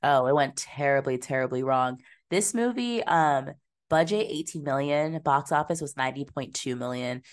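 Woman podcast co-host, low voice, loose and profane movie chat. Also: normal speed. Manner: chatty, swears freely, slips into mocking impressions. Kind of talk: casual movie-review chat.

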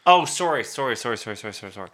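A man co-hosting a casual podcast, chiming in with short reactions and quick jokes. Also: mid-range voice, animated, a bit bright. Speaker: podcast co-host. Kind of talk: casual chat.

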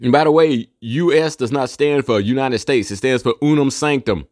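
A man's voice: mid-range voice, moderate pace, a little mellow, dry recording, studio quality. A man delivering a casual, profane monologue in a preachy, conspiratorial tone, with rhetorical questions and mocking asides.

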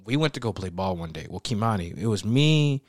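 Lively young man telling a story. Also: on the low side, fairly quick, no echo, studio quality. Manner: animated storyteller, acts out others' lines loudly. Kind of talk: casual storytelling chat.

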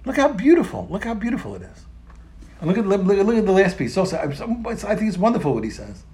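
A man teaching a religious text, talking in an animated, emphatic way and often repeating phrases and restarting. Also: sits high, fast. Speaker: Torah teacher. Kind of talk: explaining a text in a lesson.

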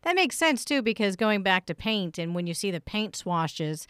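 A woman's voice: mid-range voice, very animated, moderate pace, a bit bright, clear, resonant tone, dry recording. Woman, radio host, friendly, affirming, laughs easily, dry studio sound. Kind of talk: radio interview.

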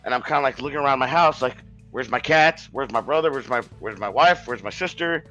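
A man's voice: medium pitch, brisk, sharp tone, lo-fi sound, faint music behind. A man telling a long story in a casual podcast chat, rambling, swearing and restarting his sentences.

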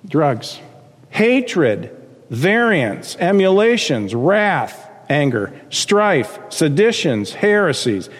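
A male pastor preaching a sermon, reading scripture and acting out quotes with lively emphasis. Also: fairly high pitch, in a large hall.

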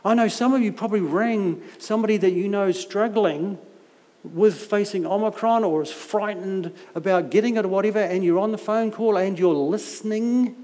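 High in pitch but dark in tone, a middle-aged man preaches as a visiting speaker, weaving stories and joking at his own expense. The recording catches the long reverberation of a large church hall.

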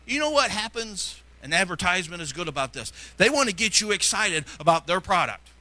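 Fervent pastor preaching loud. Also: male voice, big pitch swings, fairly quick. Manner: fervent, swings from loud exhortation to low asides. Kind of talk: preaching a sermon.

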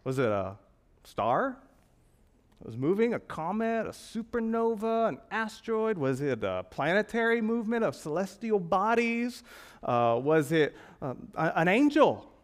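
A male pastor preaching a sermon, asking rhetorical questions and swinging between emphatic, loud lines and hushed ones. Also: high-pitched, sing-song, unhurried.

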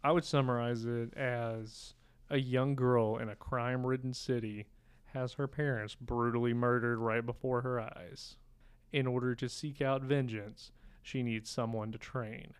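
A man talks in a flat, even tone with a smooth, clear voice. He co-hosts a casual film podcast and rambles through his stories deadpan. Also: medium pitch, measured pace. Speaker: podcast co-host. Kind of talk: casual chat.

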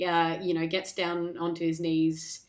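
A woman's voice: lowish voice, monotone, measured pace. A woman co-hosting a podcast, casually retelling a film plot in a rambling way, full of likes and restarts. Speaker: podcast co-host. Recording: echoey room.

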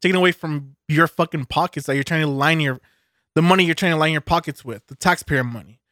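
A cynical man on a podcast, fired up and cursing through a long rant. His voice is a touch higher than most men's. The sound is close and dry. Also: fast talker, fairly bright tone, no room sound. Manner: fired-up, cynical, swears heavily. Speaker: podcast co-host. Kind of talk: casual profane rant.

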